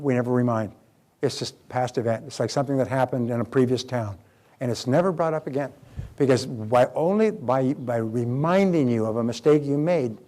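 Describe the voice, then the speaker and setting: A middle-aged man delivers a motivational seminar lesson in an emphatic, lively way. He voices little scenes of dialogue to make his points. His pitch sits in the middle for a man. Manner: emphatic, acts out quoted dialogue. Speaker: self-development speaker.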